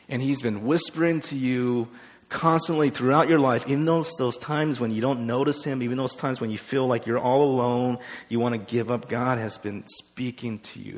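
A man's voice: mid-range voice, steady tone, moderate pace. Man preaching in a reverberant hall. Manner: conversational, often asks "right?", acts out the quotes. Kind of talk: sermon.

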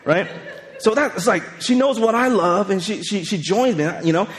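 A man's voice: high voice, expressive, normal speed, big-room sound. A man in his forties preaching a casual, conversational sermon, telling stories and checking in with frequent asides. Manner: chatty, storytelling, frequent "right?" asides. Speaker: pastor.

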